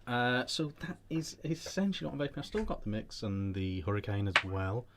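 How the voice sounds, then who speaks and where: A man's voice: mid-range voice, brisk, slight background noise. A British man hosting a casual vape chat show, telling rambling anecdotes with many restarts.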